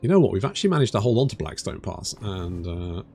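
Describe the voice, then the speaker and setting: A man's voice: deep voice, very animated, quick pace, mellow. A man in his thirties giving let's play commentary, chatty, swearing and muttering to himself. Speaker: gaming channel host. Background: game music.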